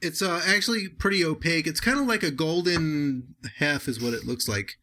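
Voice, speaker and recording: Bright, chatty man rambling about beer. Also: on the high side. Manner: rambling, halting with many fillers. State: has a cold. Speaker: podcast host reviewing beer. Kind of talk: casual chat.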